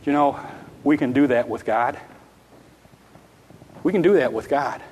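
Male preacher, mid-pitched, earnest sermon delivery, long church-hall reverb. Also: measured pace, a little mellow, breathy edge. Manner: earnest, repeats phrases, acts out childlike pleading prayers.

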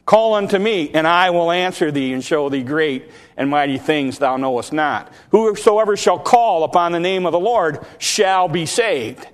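A man's voice: fairly high pitch, expressive, moderate pace, hardly any pauses, big-room sound. A man preaching a sermon, earnest and repetitive, with frequent restarts and small fillers.

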